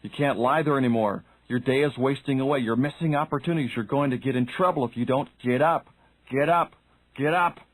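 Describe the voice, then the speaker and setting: A man's voice: mid-range voice, brisk, no echo, lightly acted, rough recording. A man voicing a nagging inner voice that insists and repeats its commands. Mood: insistent. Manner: urgent, repetitive commands.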